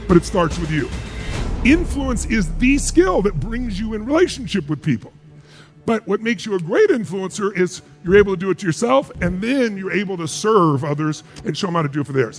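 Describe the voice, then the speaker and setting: A man giving a live seminar speech as a motivational speaker, emphatic and firing rhetorical questions at the crowd. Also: sits high.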